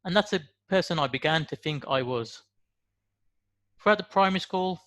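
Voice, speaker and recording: A man's voice: high voice, expressive, a little fast, a bit bright. A man in his forties from the West Midlands with a Brummie accent, giving an earnest motivational monologue full of rhetorical questions. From West Midlands, England. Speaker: motivational speaker.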